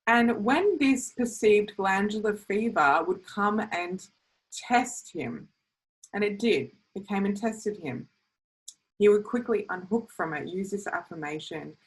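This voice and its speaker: A young adult woman coaching on self-healing, earnest and animated, talking in quick bursts and acting out little quotes. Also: fairly low pitch, rough recording. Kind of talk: teaching talk to camera.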